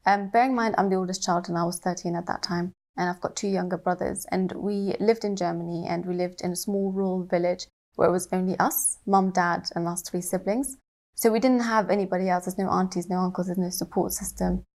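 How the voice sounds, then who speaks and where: A young woman on a panel, telling a family story in a steady, detailed way with frequent ums. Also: medium pitch. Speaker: panel guest.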